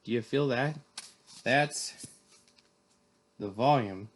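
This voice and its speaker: A man's voice: medium pitch, slow pace, slight background noise, close to an everyday voice. A man reading aloud, voicing a friendly male ear doctor who explains things in a chatty, reassuring way. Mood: explaining.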